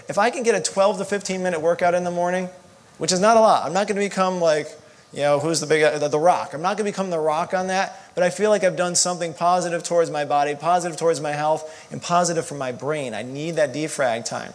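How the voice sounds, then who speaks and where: A man's voice: on the high side, fast talker. Jokey man teaching a marriage class. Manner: jokey, casual, self-deprecating. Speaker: marriage counselor.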